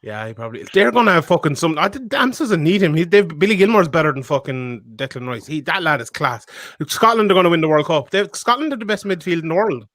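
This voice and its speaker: A man's voice: fairly high pitch, lively intonation, fairly bright tone, dry recording, clean studio sound. A man from Ireland co-hosting a football podcast, chatting bluntly and swearing while watching a live match. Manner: blunt, swearing, quick banter. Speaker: podcast co-host.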